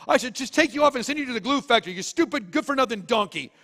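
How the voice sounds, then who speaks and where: A preacher doing an enraged old prophet. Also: male voice, extremely high pitch, expressive, moderate pace, pitched above the performer's own voice. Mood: furious. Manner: yelling insults. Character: furious old prophet man, hot-tempered. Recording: long reverb of a church hall.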